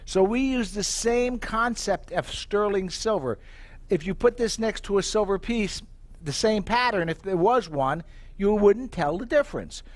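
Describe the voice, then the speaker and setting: Middle-aged guy pitching products on stage, chatty storyteller, keeps asking the crowd stuff. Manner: animated storyteller, asks the audience questions. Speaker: company president presenting products. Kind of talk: live sales presentation.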